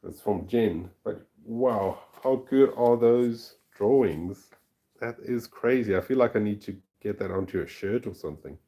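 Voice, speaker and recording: Brief: South African man, low and warm, casual livestream chat, quick to laugh. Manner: chatty, easily delighted, laughs often. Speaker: fossil collector and channel host.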